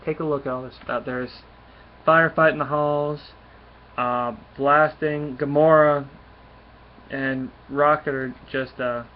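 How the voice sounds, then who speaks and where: An enthusiastic man rambling through a comic book review and often restarting his sentences. His voice sits a little high, and the recording is dull and lo-fi. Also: normal speed.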